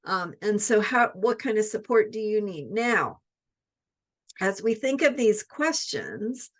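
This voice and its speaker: Slow-talking woman teaching astrology. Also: mid-range voice, big pitch swings. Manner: repeats questions, many fillers and "right?". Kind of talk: reflective spoken teaching.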